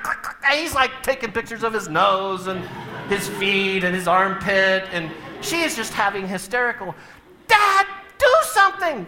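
A man's voice: high voice, pushed and bright, a little hiss or hum. A middle-aged man speaking to a live audience, telling humorous family stories and acting out the scenes with big swings in his voice.

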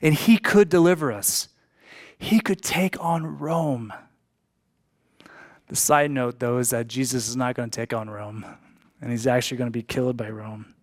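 A man's voice: medium pitch, normal speed, pauses often. A man preaching a sermon as a pastor, emphatic, repeating key lines for emphasis.

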